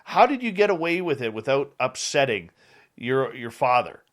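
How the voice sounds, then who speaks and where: A man hosting a radio talk show, with a voice of ordinary middle pitch. He asks questions in an easy, conversational way and readily agrees with his guest. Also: sing-song, normal speed. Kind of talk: interview host.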